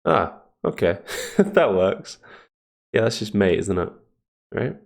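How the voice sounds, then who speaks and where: Chess streamer, man, low gravelly voice; casual, halting commentary, lots of fillers. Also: very animated. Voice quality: deep gravelly morning voice. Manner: thinks aloud, hesitant fillers, chuckles often.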